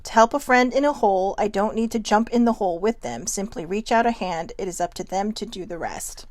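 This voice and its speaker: A woman talks straight to her viewers in a chatty, emphatic vlog style, leaning on words and laughing between thoughts. Her pitch sits in an ordinary middle range. The sound is close and dry, with no room echo. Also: expressive, a little fast, few pauses. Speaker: vlog host. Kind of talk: casual motivational vlog talk.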